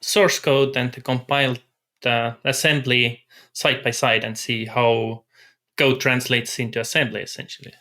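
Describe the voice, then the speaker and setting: A man's voice: medium pitch, pushed and bright. A man speaking as a guest on a tech podcast, answering briefly and matter-of-factly. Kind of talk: casual podcast chat.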